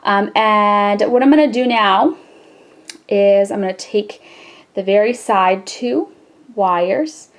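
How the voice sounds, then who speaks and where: Woman walking thru a craft tutorial, unhurried, mid pitch, chatty with lots of ums. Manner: relaxed, chatty, with frequent fillers. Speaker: jewelry-making tutorial host. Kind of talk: casual step-by-step craft tutorial.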